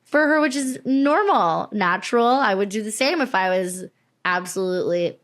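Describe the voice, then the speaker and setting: A woman's voice: medium pitch, moderate pace. A young adult woman co-hosting a podcast, chatting casually and telling stories with lots of laughter. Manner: chatty, animated storytelling with frequent laughs. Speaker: podcast co-host. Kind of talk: casual chat.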